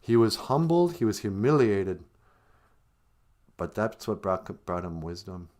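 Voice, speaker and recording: A man's voice: fairly low pitch, big pitch swings, a little slow, darkish tone. A man telling a traditional story on a live-streamed podcast in a casual, conversational way, laughing often.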